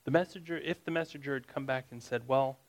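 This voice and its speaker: A man's voice: on the high side, fast talker, low-quality recording. A man teaching a Bible study. He reads scripture aloud, then explains it in a conversational way and asks his listeners questions.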